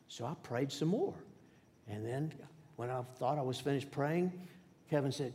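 A male pastor telling a personal story in a sermon, in a folksy, halting way with many restarts, and dropping to a hush for prayers. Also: a little high, lively intonation. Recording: long hall reverb.

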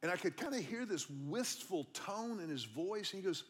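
Speaking at a moderate pace in an expressive, high-sitting voice, a middle-aged pastor delivers a sermon in a church auditorium. His style is chatty and story-driven, with important lines said more than once for emphasis.

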